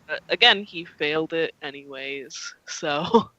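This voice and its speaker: A young game master narrates a tabletop role-playing game in a slow, rambling way, full of ums and likes. His voice is bright and the recording dry and close. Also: on the high side, dry recording, lo-fi sound.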